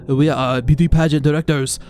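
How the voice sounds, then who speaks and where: A man voicing menacing male assailants in a loud, gloating delivery with a clumsy put-on accent. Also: high-pitched, fairly even intonation, moderate pace, gravelly, faint music behind, pitched above the performer's own voice. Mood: scheming.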